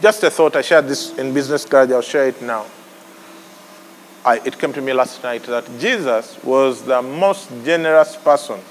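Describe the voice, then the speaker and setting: A man preaching a sermon, animated, breaking into sudden high exclamations and laughs. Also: a little hiss or hum. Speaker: pastor. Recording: long hall reverb with faint ambience.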